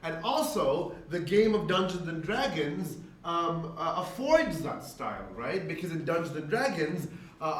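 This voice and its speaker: In an echoey event hall, a presenter speaks to game masters from far off, with faint room noise behind him. His voice is fairly high and a bit bright, and his chatty talk is full of "right?" tags and acted-out quotes.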